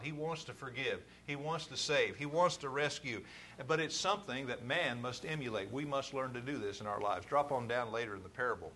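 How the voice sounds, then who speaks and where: A man preaching a sermon, building to forceful, emphatic stresses. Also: mid-range voice, slight background noise.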